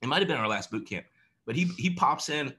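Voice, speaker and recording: A male host on a video call giving an energetic, preachy coaching talk and laughing often. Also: medium pitch, a little fast.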